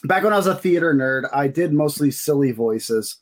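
A man's voice: fairly high pitch, expressive, moderate pace. A man co-hosting a podcast in casual chat, laid-back with dry humor. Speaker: podcast co-host.

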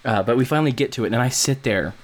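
A man co-hosting a podcast, telling a long story in a rambling, animated way and acting out what people said. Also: medium pitch, racing. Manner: rambling, animated, acts out quotes. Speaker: podcast co-host. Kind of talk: casual storytelling chat.

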